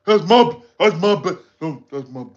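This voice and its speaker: A man voicing a robot who insists she is a lady, speaking in a low, drawn-out, proud and defensive voice. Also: lively intonation. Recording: dull lo-fi sound.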